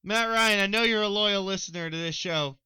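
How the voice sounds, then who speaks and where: A young man with a twang rattles through a solo sports podcast in a bright, sharp voice that sits a little high. He is excitable, talks right to his listeners and swears freely. The sound is crisp and dry, close on the mic. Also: fairly quick, no echo, rough recording. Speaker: podcast host.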